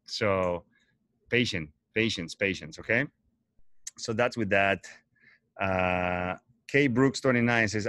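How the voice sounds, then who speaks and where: A man's voice: on the low side, takes it slowly, long pauses, a bit bright, no room sound. A man hosting a casual livestream talk, earnest and rambling, often correcting himself mid-sentence. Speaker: host.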